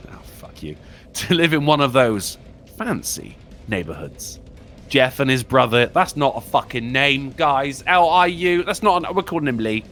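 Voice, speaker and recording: A man's voice: big pitch swings, moderate pace, fairly bright tone. A man streaming a game who reads a horror story aloud and mocks it with sarcastic, profane asides. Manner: mocking, swearing, jumps into high exaggerated voices. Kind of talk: sarcastic let's-play commentary. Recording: faint music in the background.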